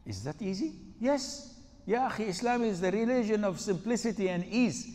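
A man's voice: sits high, animated, normal speed, a little mellow. A male preacher giving a humorous question-and-answer talk, acting out the dialogues in his stories. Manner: acts out dialogues in storytelling. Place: Islamic center lecture hall. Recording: long hall reverb.

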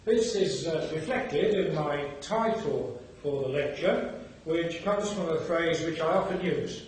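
A man's voice: a little high, far from the mic, a little hiss or hum. Older man lecturing in an echoey hall. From England, Birmingham. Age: 60s. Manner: measured, dry wit. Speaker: bishop giving an address. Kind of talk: formal after-dinner lecture. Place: large hall.

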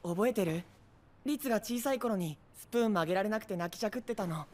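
An actress voicing a female anime character, speaking gently in a Japanese anime. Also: medium pitch, very fast, natural voice. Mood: gentle. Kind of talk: Japanese anime dub acting.

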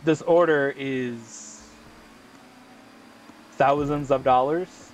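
A man's voice: mid-range voice, steady tone, drawn-out words, slight background noise. Man telling a rambling story while gaming. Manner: profane, rambling storytelling with slang fillers. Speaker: gaming channel host. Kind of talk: casual chat while racing in a game.

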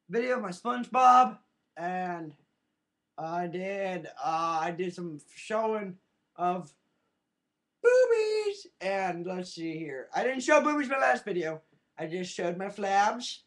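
Goofy rambling male vlogger, bright voice with lively swings, webcam mic. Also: sits high. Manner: goofy, rambling, silly sound effects. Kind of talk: casual rambling webcam chat. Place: at home in front of a webcam. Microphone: built-in webcam mic.

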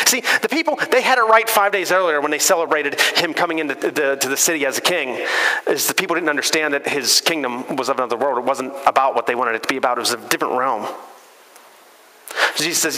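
High-voiced, bright male pastor preaching. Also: fairly quick. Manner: conversational, animated storytelling. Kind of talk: sermon. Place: church sanctuary. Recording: church hall reverb.

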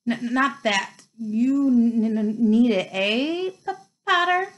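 A woman's voice: a little high, lively intonation, slow. A woman voicing a nervous young male teacher who stutters constantly. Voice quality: stutters on every few words.

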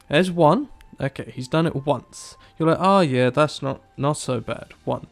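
Young guy ranting over his game footage, gets worked up, faint music behind. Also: mid-range voice. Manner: animated, exasperated, quotes his own reactions. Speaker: gaming YouTuber. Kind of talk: casual gameplay commentary. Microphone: desktop mic, no camera.

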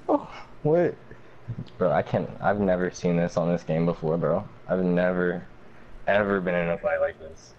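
A man's voice: unhurried, pauses often, lo-fi sound. A young man streaming a game and chatting with teammates over a headset, swearing a lot and getting frantic. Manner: swearing, excitable, often frantic and high-pitched when chased. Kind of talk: live gameplay chat with teammates.

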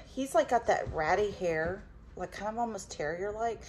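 Animated woman chatting about her dogs. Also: mid-range voice, normal speed, poor audio. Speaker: vlogger and dog owner. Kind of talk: casual chat.

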